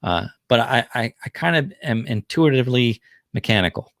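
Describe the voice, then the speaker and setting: A man's voice: mid-range voice, lively intonation, normal speed, fairly bright tone, dry recording, clean studio sound. A man in his fifties with a New Jersey accent, hosting a casual livestream and chatting in a rambling way with lots of fillers. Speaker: livestream host.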